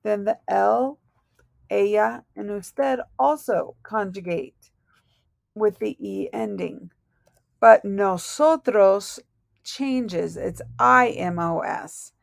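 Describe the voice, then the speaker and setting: A woman's voice: medium pitch, slow, gravelly, no echo, studio quality. A woman teaching a recorded language lesson, patiently spelling out verb endings letter by letter. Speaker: Spanish teacher.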